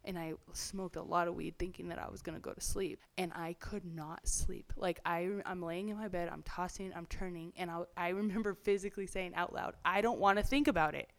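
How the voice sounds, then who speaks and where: A woman's voice: lowish voice, little pitch movement, fairly quick, hardly any pauses. A young woman telling her personal testimony as an interview guest, chatty, full of "like" and "you know", acting out other people's voices.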